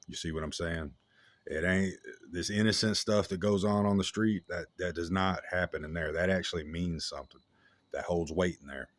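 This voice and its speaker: A man with a very deep voice talks straight into a dry, close microphone. His story comes out casual and slangy, full of restarts and fillers. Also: steady tone, normal speed, dry recording.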